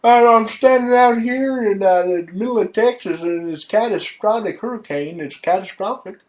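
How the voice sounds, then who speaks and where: A man doing a shrill, overdramatic storm reporter. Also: moderate pace, lightly acted. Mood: overexcited. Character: breathless male storm reporter, overexcited.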